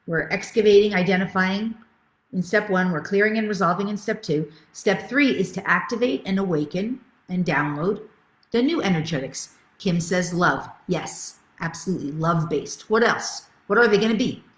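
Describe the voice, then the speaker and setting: A woman's voice: mid-range voice, normal speed, roomy sound. A middle-aged woman spiritual coach teaching a live webinar, enthusiastic and reading out viewer comments as she goes.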